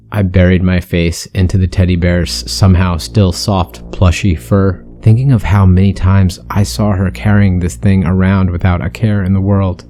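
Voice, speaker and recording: A man's voice: deep voice, level tone, normal speed, few pauses, dark tone, faint music behind. A man narrating a first-person horror story with an intense, brooding delivery.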